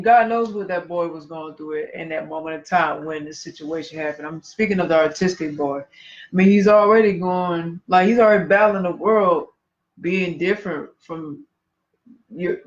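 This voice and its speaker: A man co-hosting a casual podcast chat, speaking earnestly and preachily and sometimes stumbling over his words. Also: sits high. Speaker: podcast co-host. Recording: dull lo-fi livestream audio.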